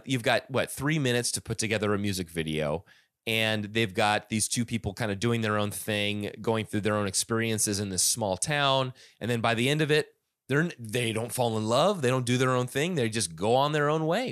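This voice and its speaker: A man's voice: medium pitch, fairly bright tone, no room sound, studio quality. A man hosting a casual podcast about a music album, rambling with many restarts and fillers. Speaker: podcast host.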